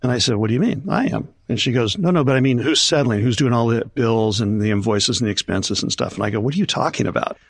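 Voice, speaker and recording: A man's voice: medium pitch, quick pace, hardly any pauses, husky, no echo. An older man, a concert promoter, telling stories in an interview and acting out the voices of people he quotes. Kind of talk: storytelling in an interview.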